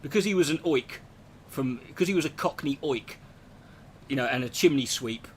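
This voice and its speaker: A man hosting a podcast, telling stories in a rambling, profane and animated comic monologue. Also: medium pitch, normal speed, a little hiss or hum. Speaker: podcast host.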